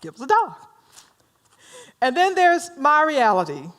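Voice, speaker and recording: Her voice is high-pitched and a little bright, swinging widely in pitch at a slightly slow pace with frequent pauses. This rural North Carolina minister has a Southern drawl and runs her workshop conversationally, playfully quizzing the people listening.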